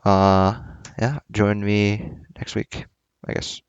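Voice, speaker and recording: A man's voice: on the low side, level tone, slow pace, clean tone, no room sound, dull audio. A young man hosting a casual book club talk, rambling and hesitant with many fillers and restarts.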